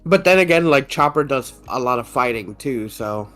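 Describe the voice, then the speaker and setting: Male podcast co-host, mid pitch, loose excitable fan talk, faint background music. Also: normal speed. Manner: excitable, laughs often, rambling with fillers and swearing. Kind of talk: casual chat.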